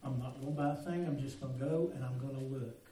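A preacher doing a breezy shopaholic wife. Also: male voice, medium pitch, quick pace, mellow, voice pushed down, natural voice. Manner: breezy, self-excusing. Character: chatty shopping-loving wife in a joke. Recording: roomy echo, mic at a distance.

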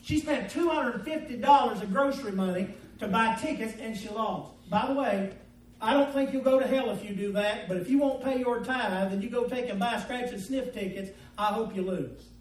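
In a folksy, storytelling style, a man preaches a sermon at normal speed, his voice unusually high for a man. His loudness swings sharply between loud and quiet, and he's recorded from a distance in a room that echoes.

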